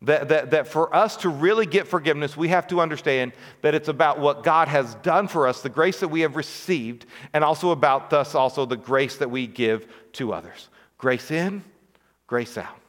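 A man's voice: fairly high pitch, moderate pace, hardly any pauses, a bit bright. A man preaching a sermon as pastor, talking conversationally with frequent rhetorical questions and asides. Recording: long reverb of a large hall.

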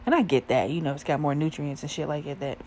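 A young woman telling a crude, profane story in a casual, animated way, often laughing. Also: sits low, fast talker, slight background noise. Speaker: vlogger.

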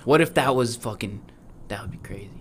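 A man's voice: medium pitch, brisk. A young man co-hosting a podcast in casual, laid-back chat, swearing and laughing often. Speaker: podcast co-host.

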